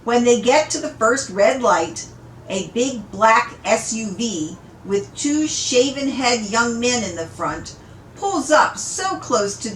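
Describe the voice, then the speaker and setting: A woman reading a novel aloud in an unhurried, amused storytelling manner, in an echoey room. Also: a little high, a little hiss or hum. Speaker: audiobook reader. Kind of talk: read-aloud story narration.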